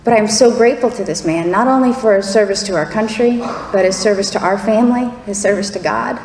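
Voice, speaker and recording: A woman's voice: mid-range voice, quick pace, a little mellow. A middle-aged woman giving a candid, laughing, fervent personal testimony to an audience. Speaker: testimony speaker. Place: large hall before an audience. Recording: echoey hall with faint crowd and noise.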